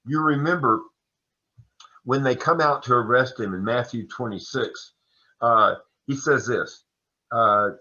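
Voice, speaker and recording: Male Sunday school teacher, bright voice, easygoing lecture, dull lo-fi sound. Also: medium pitch, a little slow, pauses often. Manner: relaxed, chatty teaching with folksy asides. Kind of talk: conversational Bible lecture. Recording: dull lo-fi recording.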